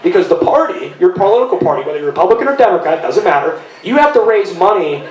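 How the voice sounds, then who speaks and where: A man hosting a casual live podcast in a bar, talking fast with lots of restarts. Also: high-pitched, expressive, a little mellow. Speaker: podcast host. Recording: echoey live room.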